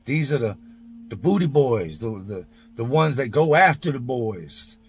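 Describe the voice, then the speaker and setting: A man's voice: medium pitch, sing-song, measured pace. A man telling a story from his past in a casual monologue, blunt, profane and full of street slang, describing events step by step. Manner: vivid, blow-by-blow retelling. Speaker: vlogger recounting prison experiences.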